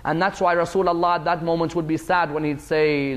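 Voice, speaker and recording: A man's voice: on the high side, level tone, fairly quick, long reverb tail. A man giving a religious lecture, telling stories emphatically with plenty of repetition.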